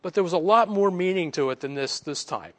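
A man giving a conversational Bible teaching, casual and animated, chuckling between points. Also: high voice, fairly quick.

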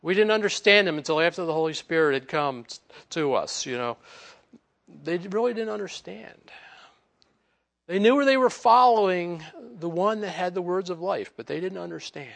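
A man giving a conversational Bible teaching, casual and animated, chuckling between points. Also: high voice, moderate pace, creaky.

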